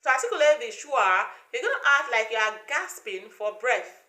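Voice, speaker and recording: A woman leads an English pronunciation lesson, pacing herself slowly and drilling each vowel sound again and again. Her voice sits a little high and sounds bright. The room is echoey around her. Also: very animated. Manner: slow, deliberate, repeats sounds for learners to copy. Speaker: pronunciation teacher.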